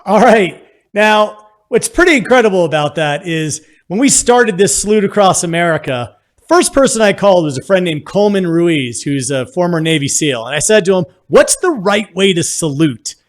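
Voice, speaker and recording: A man's voice: sits high, animated, moderate pace. Upbeat male live-stream host.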